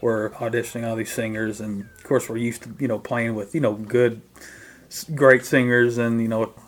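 In a casual interview, a guest musician who plays drums tells animated stories about his band, mimicking the people he quotes. His voice is medium-pitched and his speed normal.

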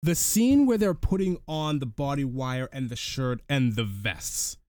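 Male podcast host, animated recap delivery, dry close-miked sound. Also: mid-range voice, measured pace, no room sound. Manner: animated storyteller, frequent restarts. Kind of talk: casual film recap chat.

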